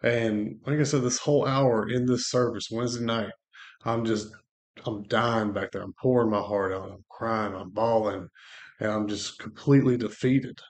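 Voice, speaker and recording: A man co-hosting a faith podcast, telling a personal testimony as a lively storyteller who acts out what people said. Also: lowish voice, moderate pace. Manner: lively storyteller acting out quoted dialogue. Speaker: co-host sharing a testimony.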